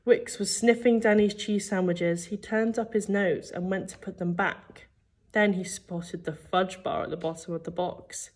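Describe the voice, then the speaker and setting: A female primary school teacher takes her time reading a children's book, her pitch sitting in the middle range. She narrates with feeling and acts out each character.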